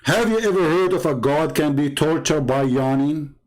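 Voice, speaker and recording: A man's voice: on the high side, animated, moderate pace, a little mellow, low-quality recording. A man hosting a live stream, arguing emphatically in broken English. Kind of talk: polemical debate talk.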